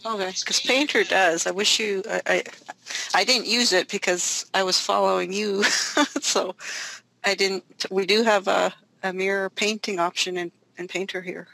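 A woman's voice: mid-range voice, fairly even intonation, moderate pace, creaky, sharp tone, poor audio. A woman student in a live online class, asking a question hesitantly with a small laugh. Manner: hesitant, giggly.

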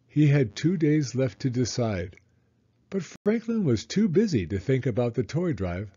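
A man reading a children's storybook aloud in an expressive, animated way. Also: medium pitch, measured pace, breathy edge, muffled recording. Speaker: children's book reader.

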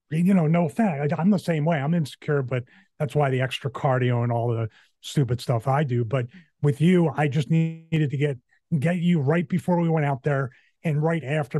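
A middle-aged man with a fairly high voice tells stories with a quick, animated manner and the odd laugh. He sounds dry and close, with no room around him. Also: no echo. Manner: animated, rapid anecdotes with laughs. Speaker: guest, former wrestler. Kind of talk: casual storytelling chat.

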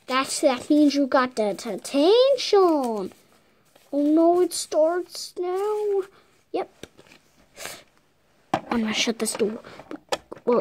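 A woman's voice: high-pitched, background noise. A girl hosting a casual video, narrating toy play in a chatty, giggly, rambling way. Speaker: video host.

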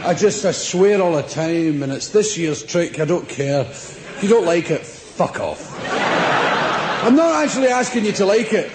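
Performing stand-up live in a big theatre, this middle-aged Scotsman is boisterous, swears freely, and acts out little scenes in a high, expressive voice at a moderate pace. Background noise and audience laughter come through the echoey live recording, crowd included.

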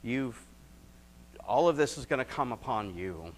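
A man preaching a sermon as pastor, moving between emphatic rising points and quiet, reflective stretches, closing in prayer. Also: mid-range voice, expressive, unhurried, low-quality recording.

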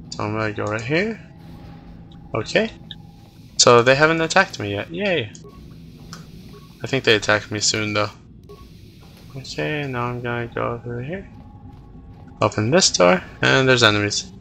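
A man's voice: medium pitch, animated, unhurried, creaky, long pauses, pushed and bright, slight background noise. A nineteen-year-old man giving goofy, casual commentary while he plays a video game, talking to himself, cheering and groaning. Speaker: let's play gamer.

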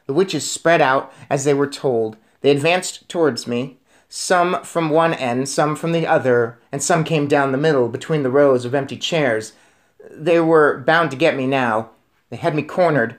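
A man reading a novel aloud, musing quickly before a chapter and then telling it in a steady, lively way. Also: mid-range voice. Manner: musing aside between readings. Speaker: reader.

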